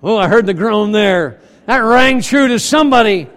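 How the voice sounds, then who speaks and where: A male pastor preaching with a high, bright-toned voice, swinging between hushed asides and loud acted-out quotes. His words ring with a long reverb from a large hall. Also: normal speed. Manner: animated preaching, acting out quoted arguments, self-deprecating asides. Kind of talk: sermon.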